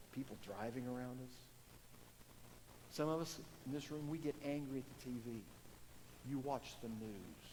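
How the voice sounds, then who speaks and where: A man preaching a sermon as pastor, earnest and emphatic, rising for emphasis and dropping to soft asides. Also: mid-range voice, slight background noise. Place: church sanctuary. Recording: distant church hall reverb.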